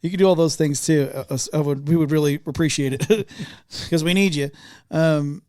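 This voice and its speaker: A man co-hosting a faith podcast, speaking casually with many pauses and restarts. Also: a little high, darkish tone, dry recording, studio quality. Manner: halting, many fillers and restarts. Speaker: podcast co-host. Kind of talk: casual chat.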